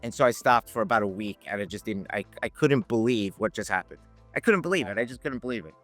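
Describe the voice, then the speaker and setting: A man telling lively anecdotes in a casual podcast chat, laughing and acting out the people he quotes. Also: fairly low pitch, quick pace, faint music behind. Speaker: podcast guest, options educator. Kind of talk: casual storytelling.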